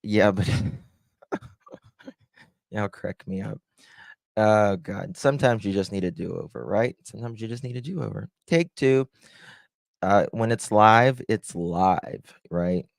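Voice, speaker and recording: A man's voice: lowish voice, slow pace, creaky, long pauses, no room sound, clean studio sound. A man hosting a true-crime livestream in a casual, chatty way, greeting viewers and reading their comments aloud.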